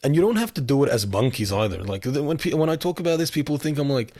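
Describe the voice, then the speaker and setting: A man's voice: mid-range voice, lively intonation, fast talker, a little mellow. A man who is a guest on a casual podcast chat, speaking bluntly and opinionatedly and swearing freely.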